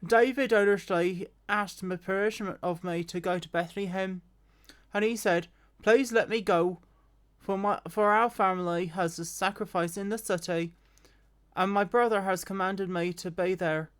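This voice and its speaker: A woman voicing an earnest young prince in a read-aloud scripture story, speaking lower and softer than her reading voice. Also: steady tone, normal speed, lightly acted. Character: earnest young male prince pleading for his friend.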